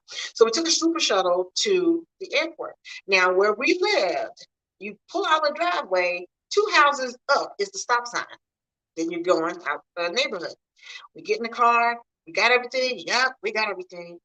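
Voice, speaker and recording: Chatty bright-voiced woman vlogging. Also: medium pitch, moderate pace, poor audio. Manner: chatty, animated, talks to viewers directly. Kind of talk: casual storytelling vlog.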